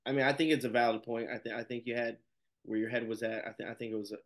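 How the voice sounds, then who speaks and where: A man hosting a casual interview, giving short, relaxed reactions and slangy asides. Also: mid-range voice, rapid-fire. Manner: laid-back, short backchannel replies, slangy. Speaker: podcast host.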